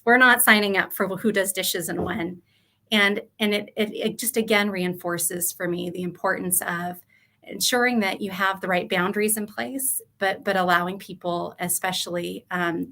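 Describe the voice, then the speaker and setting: A woman's voice: on the low side, a bit bright. A woman author giving an earnest, reflective talk about her chapter, with frequent fillers.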